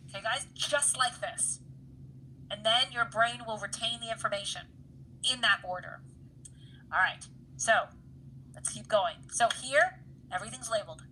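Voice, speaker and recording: A woman runs an anatomy lab class, talking students through slides in a loose, conversational way and checking in with them often. Her voice is bright and a little high. A faint hum sits under the recording. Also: normal speed, pauses often, poor audio. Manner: chatty, keeps checking in with "right, guys?"; laughs easily at her own jokes. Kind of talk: casual lecture over slides.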